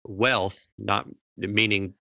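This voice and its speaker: Lower-voiced guy joking around on a podcast, bright tone, dry sound. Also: fairly even intonation, very slow, creaky, no room sound. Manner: playful, jokey asides. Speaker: podcast co-host. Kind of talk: casual storytelling chat.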